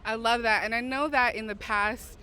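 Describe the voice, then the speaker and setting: A woman's voice: a little high, fairly even intonation, moderate pace, bright, forceful tone, a little hiss or hum. A woman radio host interviewing a guest backstage outdoors, bubbly and enthusiastic. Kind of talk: casual interview.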